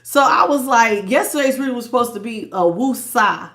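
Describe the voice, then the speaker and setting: Woman, tarot live-stream host, fairly high voice, playful, laughs a lot, chatty, greets viewers. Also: expressive, moderate pace, a bit bright. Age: adult, past young. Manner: calls listeners "baby" and "child". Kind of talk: casual live-stream chat.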